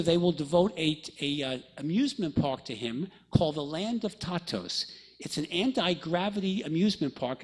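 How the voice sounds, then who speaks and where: Husky-voiced man telling a story. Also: on the high side. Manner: jokey, chatty, addresses the audience with "okay?". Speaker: lecturer. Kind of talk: storytelling talk to an audience.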